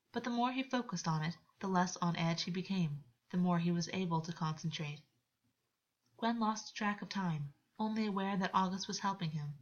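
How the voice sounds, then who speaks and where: Woman reading fiction in a muffled recording. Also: on the low side. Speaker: audiobook reader. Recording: dull lo-fi recording.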